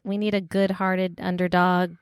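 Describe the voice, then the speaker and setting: A woman's voice: lowish voice, little pitch movement, normal speed, clean tone, no room sound, clean studio sound. A woman co-hosting a podcast in casual chat, her voice stuffed up and sniffly. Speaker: podcast co-host.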